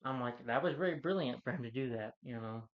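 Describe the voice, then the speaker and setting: A man's voice: mid-range voice, quick pace, dull audio. Rambling man reviewing a film. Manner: rambling, enthusiastic plot retelling.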